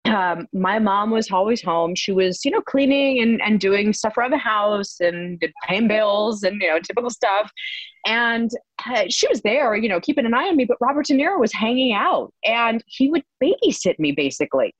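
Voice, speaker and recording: A woman's voice: medium pitch, normal speed, dry recording. A chatty woman guest spinning a long anecdote, laughing easily and scattering "like" through her talk. The sound is dry and slightly dull, with no room around her. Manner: animated, laughs often, many likes and fillers. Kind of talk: casual storytelling interview.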